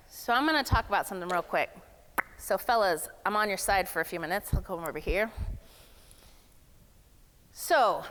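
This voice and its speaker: A woman speaking with a raised, smooth and resonant voice in a large, echoing hall. She talks in a lively and playful way, casual and direct with the crowd. Long reverb trails after her words. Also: fairly high pitch. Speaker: speaker at a summit. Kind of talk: energetic motivational workshop talk.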